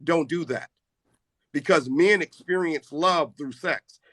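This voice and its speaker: A man's voice: a little high, slow pace, a bit bright, no echo. A middle-aged man hosting a casual live chat, talking brash and boastful. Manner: brash, boastful trash talk. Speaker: live stream host.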